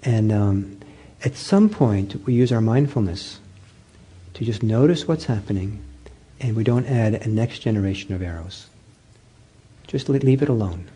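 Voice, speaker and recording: Mellow, husky male meditation teacher. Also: lowish voice. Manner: gentle, halting storytelling with many fillers and restarts. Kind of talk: dharma talk.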